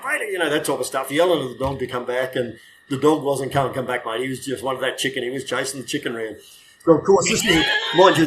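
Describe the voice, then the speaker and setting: A man's voice: on the high side, a little hiss or hum, rough recording. An older Australian man, a retired police dog handler, telling rambling, self-correcting stories in casual chat and swearing freely.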